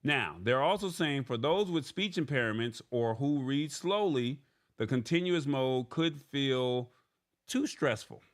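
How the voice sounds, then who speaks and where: A man's voice: medium pitch, lively intonation, a little slow. Man hosting a live tech news stream. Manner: explains step by step, often adding "all right?"; paraphrases an article aloud. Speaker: tech news show host.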